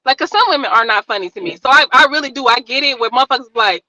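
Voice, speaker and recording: Bright high-voiced woman telling stories. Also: rapid-fire, no room sound, low-quality recording. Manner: animated, profane storytelling. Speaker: stand-up comedian, podcast guest. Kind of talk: casual podcast chat, storytelling.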